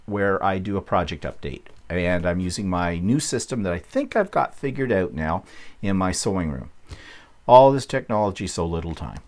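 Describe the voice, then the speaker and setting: Male vlog host, low and animated, rambling chatty delivery, slight throaty cough. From Canada. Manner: rambling, chatty, self-correcting. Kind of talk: casual vlog chat.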